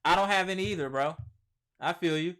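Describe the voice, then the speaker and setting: A man with a slightly higher-pitched voice hosts a casual live-stream sports show. He talks in an animated, slangy way, reads viewer comments aloud and answers them, and repeats his points for emphasis. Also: fairly quick. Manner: emphatic repetition, slangy speech. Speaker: sports channel host.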